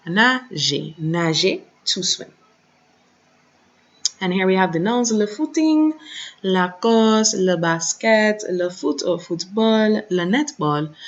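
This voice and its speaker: Slow, careful woman teaching a lesson. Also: medium pitch. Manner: slow, careful, repeats words for practice. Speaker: French teacher. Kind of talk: recorded online lesson. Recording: dull, slightly lo-fi recording.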